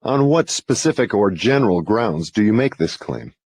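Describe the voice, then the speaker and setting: Man voicing a stern interrogator, husky, lively pitch, formal, insistent, dry sound. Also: moderate pace, no room sound. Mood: probing. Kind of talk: audiobook dramatization.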